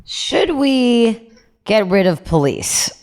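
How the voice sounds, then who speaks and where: A woman's voice: a little high, very animated, slow, a little mellow. A woman hosting a podcast, talking bluntly and profanely in casual chat and storytelling. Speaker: podcast host.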